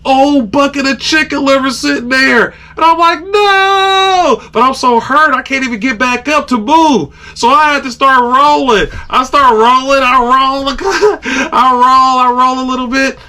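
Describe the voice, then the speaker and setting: A man hosting a podcast, casually telling a story and acting out his own groans, shouts and sound effects. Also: very high voice, normal speed, hardly any pauses. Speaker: podcast host.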